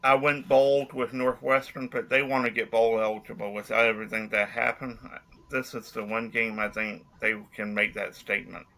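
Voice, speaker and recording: A man's voice: on the low side, little pitch movement, normal speed, vocal fry, few pauses, bright, forceful tone. A man co-hosting a casual sports chat, bantering and joking with the others. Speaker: podcast co-host.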